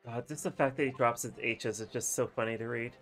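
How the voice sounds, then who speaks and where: A man talks through a video game in a loose, chatty way, reacting to each moment and swearing freely. His voice sits at an ordinary middle pitch. Soft game music plays faintly behind him. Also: fairly even intonation, brisk. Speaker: let's play streamer. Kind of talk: casual gameplay commentary.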